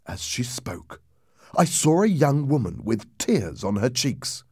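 A man narrating a ghost story aloud in a lively, dramatic reading that drops low and hushed for suspense. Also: takes it slowly, breathy edge, no room sound, studio quality.

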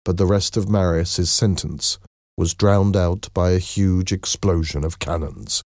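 Deep, slow storybook narrator. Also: male voice, steady tone, a little mellow, no echo, studio quality.

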